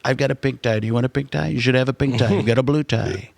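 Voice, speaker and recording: A man doing an impression of a brash, blunt older male tycoon, low and clipped, in a radio studio. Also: quick pace, creaky, a little mellow, no room sound. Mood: bossy.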